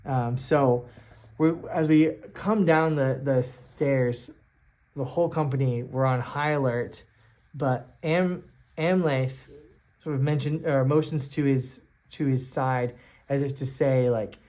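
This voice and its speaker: Halting man narrating a solo tabletop game. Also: mid-range voice, darkish tone. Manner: halting, thinking aloud with many restarts. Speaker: solo game master and player. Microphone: self-recorded on camera.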